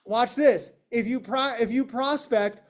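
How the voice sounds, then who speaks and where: A man's voice: very high-pitched, measured pace. A man leading a real estate sales meeting over a video call, emphatic and confrontational, firing questions at his team and acting out clients in quoted voices. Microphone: online meeting, speaking to a video call.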